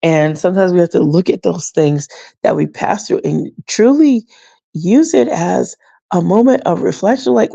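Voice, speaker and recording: A middle-aged woman hosting a faith podcast, talking casually and reflectively with frequent soft laughs. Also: lowish voice, moderate pace, creaky, no room sound. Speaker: podcast host. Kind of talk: casual personal talk.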